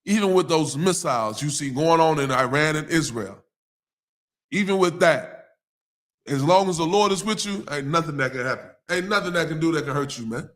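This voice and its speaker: A man with a Southern US accent teaching scripture on a live stream, mixing casual slang and laughter with slow verse readings. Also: fairly high pitch, lively intonation, fairly bright tone. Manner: casual street slang, laughs often, reads verses slowly.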